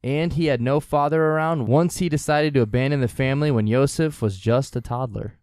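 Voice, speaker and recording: A man hosting a casual comedy podcast, cracking jokes and laughing at his own lines. His voice is smooth and clear at a middle pitch. He is recorded dry on a close microphone. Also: a little fast, a little mellow, no echo. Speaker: podcast host presenting the case.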